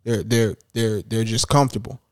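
A man's voice: on the low side, fairly even intonation, moderate pace, a little mellow, no echo, clean studio sound. Rambling man in casual talk. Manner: rambling, repeats words and restarts often. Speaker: parent. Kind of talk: casual chat.

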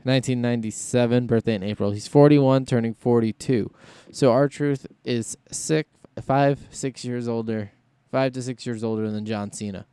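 A man's voice: medium pitch, steady tone, moderate pace, few pauses, warm tone, clear, resonant tone, no room sound. A man hosting a solo podcast in casual chat, rambling and thinking aloud as he goes. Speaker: podcast host.

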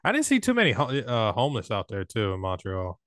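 Animated, joking podcast co-host man. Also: fairly low pitch, fairly quick, dry recording, studio quality. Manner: joking, animated, playful intros. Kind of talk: casual podcast banter.

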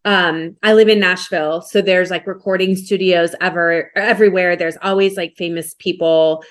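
A woman psychotherapist in casual conversation, chatty and quick to laugh. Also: on the low side, steady tone. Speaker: psychotherapist guest.

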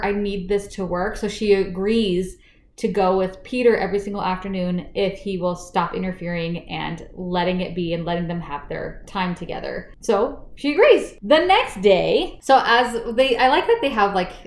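A woman co-hosting a casual book chat, retelling the plot with lively acted-out quotes. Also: mid-range voice, normal speed, echoey room. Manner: retells the plot animatedly, acting out the characters' lines. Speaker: podcast co-host recapping a book.

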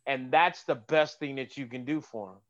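A man, a golf caddy and comedian, telling stories in a casual chat, animated and swearing, acting out voices. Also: medium pitch, normal speed, highs cut off. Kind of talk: casual podcast storytelling.

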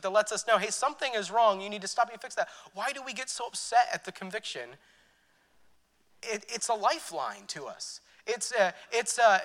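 A man with a high, bright voice preaching a church sermon. He talks in a loose, chatty way, stumbling over fillers and restarting his sentences as he works through a story. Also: long reverb tail. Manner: conversational, many fillers and restarts, laughs at his own story.

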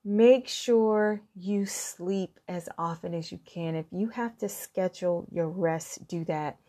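A woman's voice: lowish voice, slow, warm tone. A middle-aged woman talking through heartfelt self-care advice, earnest and encouraging, often restarting her sentences.

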